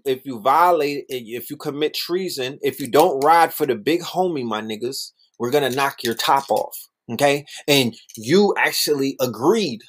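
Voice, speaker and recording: Animated slangy man, high-pitched. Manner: animated, slangy, repeats phrases, mocking voices. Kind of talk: casual monologue.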